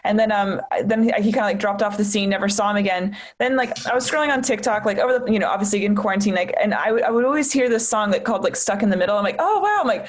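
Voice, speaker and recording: A woman's voice: medium pitch, fairly even intonation, racing, few pauses. Young woman, comedian, casual podcast chat, storytelling, quotes people, swears freely. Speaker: podcast guest, stand-up comedian.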